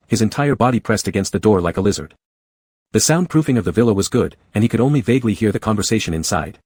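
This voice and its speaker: A man narrating a scripted comic story in an even, measured reading. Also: lowish voice, slightly rough, no echo.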